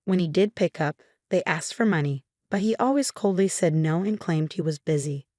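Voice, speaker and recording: A woman narrating a first-person story in a steady, matter-of-fact way. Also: lowish voice, normal speed, no room sound, clean studio sound.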